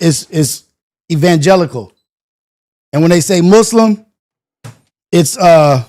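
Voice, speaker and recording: High-voiced man ranting on a show. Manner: animated, slangy rant with rhetorical questions. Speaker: morning show host. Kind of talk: casual reaction commentary.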